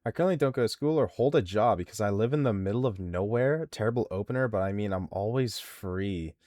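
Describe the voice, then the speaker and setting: A man's voice: fairly low pitch, fairly quick, darkish tone, no echo, clean studio sound. A man hosting a live stream, reading out viewer responses and mocking them in a crude, exasperated way. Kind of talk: casual live-stream commentary.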